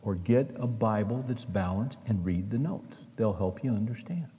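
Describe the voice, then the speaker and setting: A man's voice: lowish voice, lively intonation, normal speed, dark tone. Man preaching in a reverberant hall. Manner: storytelling with acted-out dialogue, earnest. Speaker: pastor. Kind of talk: sermon.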